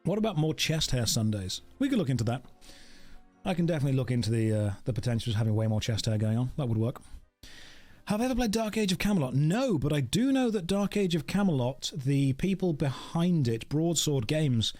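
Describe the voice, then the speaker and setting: With a fairly high, sing-song and slightly mellow voice, a streamer chats briskly and jokingly while gaming, turning to his dog and to viewers. Faint music sits behind him.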